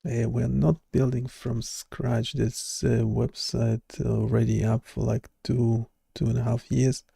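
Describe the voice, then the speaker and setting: A man hosts a casual live web development stream, his voice deeply gravelly and dark. He talks in halting, hesitant bursts, restarting his sentences as he thinks aloud. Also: flat delivery, dry recording, clean studio sound.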